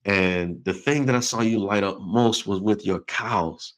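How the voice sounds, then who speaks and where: A man hosting an interview, telling a story in a lively, conversational way and acting out the quoted voices. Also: fairly low pitch, unhurried, poor audio. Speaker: podcast host.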